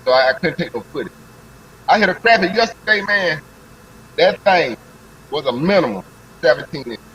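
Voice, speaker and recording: A man with a high-set voice tells an excited fishing story in thick slang, piling on detail. He is a guest on a live stream, with faint noise behind him. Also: moderate pace, poor audio. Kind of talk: animated fishing story, casual chat.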